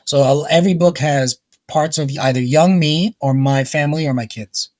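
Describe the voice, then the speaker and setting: A man's voice: on the high side, normal speed, a little mellow, dry recording. A middle-aged man from New York, a guest author, chatting casually and rambling with lots of fillers. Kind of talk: casual conversation.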